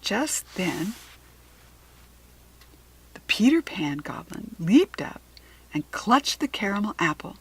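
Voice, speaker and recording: A woman reading a children's storybook aloud, slow, clear and expressive. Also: mid-range voice, low-quality recording. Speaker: storybook reader.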